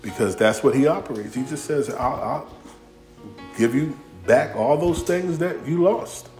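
A pastor speaks a little slowly in a mid-range voice over soft background music. His sermon is humorous and playful, acting out biblical characters' dialogue in animated, Southern-inflected everyday speech, with "y'all" and "ain't."

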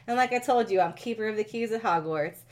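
A woman reading as a gruff big key-keeper man. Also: on the high side, fast talker, natural voice. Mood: indignant.

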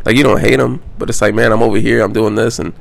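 A man's voice: fairly low pitch, steady tone, quick pace, creaky. A man hosting a solo podcast, talking in a loose, rambling way with lots of fillers, restarts and casual swearing. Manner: rambling, loose, frequent fillers and self-corrections. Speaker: podcast host.

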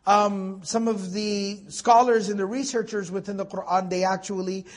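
A man's voice: high-pitched, level tone, moderate pace. A young man giving a conversational Quran tafseer lecture, reciting Arabic verses and asking rhetorical questions. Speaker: Quran teacher.

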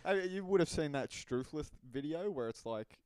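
A man's voice: on the high side, lively intonation, moderate pace, a little mellow, smooth, no echo. A young Australian man co-hosting a podcast, chatting casually and swearing as he explains things. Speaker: podcast co-host. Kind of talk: casual chat.

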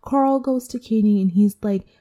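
A woman's voice: fairly low pitch, normal speed, warm tone. A woman hosting a casual solo podcast recap, chatty and candid, with swearing and asides to herself. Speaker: podcast host.

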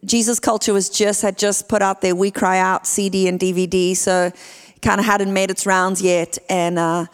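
A woman in her thirties with a South African accent, preaching a sermon as a guest speaker in a lively, chatty way. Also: mid-range voice, normal speed, smooth. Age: 30s. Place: church sanctuary. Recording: church hall with long reverb.

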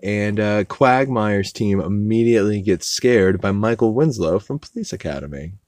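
A man hosting a podcast, loosely recapping a cartoon episode with fillers and swearing, acting out characters' lines in higher voices. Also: moderate pace, a little mellow. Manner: rambling, loose, with profanity and frequent fillers. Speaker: podcast host.

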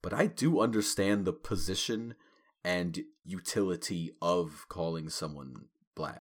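A man of Caribbean background co-hosting a podcast, talking in a relaxed, reflective way and laughing often. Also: deep voice, unhurried. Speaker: podcast co-host. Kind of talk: casual podcast chat.

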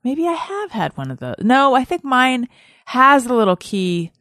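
A woman's voice: high-pitched, very animated, moderate pace, a bit bright, dry recording, studio quality. A woman hosting a podcast, chatting in a playful, rambling way. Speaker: podcast host. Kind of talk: casual chat.

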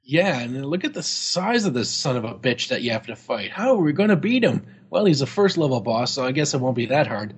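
A man's voice: medium pitch, big pitch swings, brisk, hardly any pauses, slightly rough. A man co-hosting a podcast, chatting casually about an old game magazine, joking and swearing freely. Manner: jokey, swearing, laughing often. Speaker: podcast co-host.

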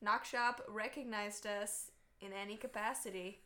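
A young woman co-hosting a podcast, loud and sarcastic, chatting casually and telling stories with lots of energy. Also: medium pitch, a little slow. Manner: loud, sarcastic, animated storytelling. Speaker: podcast co-host. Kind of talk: casual chat.

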